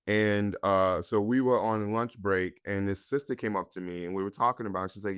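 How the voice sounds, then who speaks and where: A man's voice: on the low side, a little fast, few pauses, fairly bright tone, smooth, no room sound, studio quality. A man from North Carolina, an actor guest, earnestly and candidly telling his own story in a conversation.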